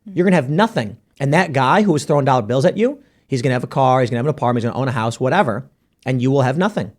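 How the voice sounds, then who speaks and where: A man hosting a podcast panel, arguing his points in a casual debate with quick bursts. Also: mid-range voice, animated. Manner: argumentative, rapid bursts. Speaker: podcast host.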